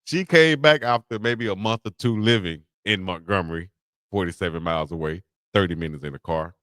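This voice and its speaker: Low-voiced joking man. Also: a little fast, a bit bright, no room sound, studio quality. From Alabama. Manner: joking, laughing, drawling. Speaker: co-host. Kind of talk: casual live-stream chat.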